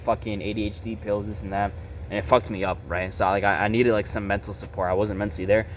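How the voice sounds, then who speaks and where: In a lowish voice with a bit of background noise, a young male vlogger tells a personal story confessional-style. He's blunt and emotionally charged, swearing casually and dropping plenty of "bro" and "right?"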